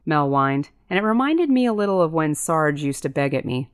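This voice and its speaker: A woman with a fairly low voice reads a first-person audiobook. The sound is dry and close, with no room around it. She lifts her pitch to voice the characters in dialogue. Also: animated, moderate pace, clean tone, no echo. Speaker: audiobook narrator.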